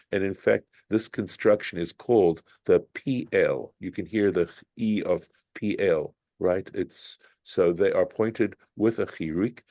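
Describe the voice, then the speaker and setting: A man leading a Bible study class, explaining Hebrew grammar slowly and thinking aloud with frequent restarts. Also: lowish voice, mellow, dry recording.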